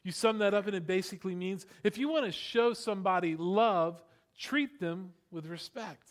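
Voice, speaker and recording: A middle-aged man preaching a sermon in a lively, conversational way, with frequent asides to the congregation. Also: high-pitched, normal speed. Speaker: pastor. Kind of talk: sermon with storytelling.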